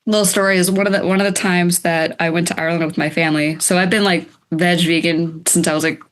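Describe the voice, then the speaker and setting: Young US woman, low voice, chatty laughing storyteller, podcast guest. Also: steady tone, fast talker. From United States. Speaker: band bassist, guest. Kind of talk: casual interview chat.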